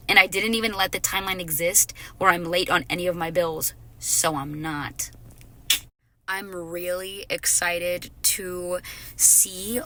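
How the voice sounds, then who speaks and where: A woman's voice: lowish voice, bright, forceful tone. A woman in her twenties talking casually and expressively to her viewers, swearing freely. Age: 20s. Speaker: vlogger. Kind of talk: casual personal monologue.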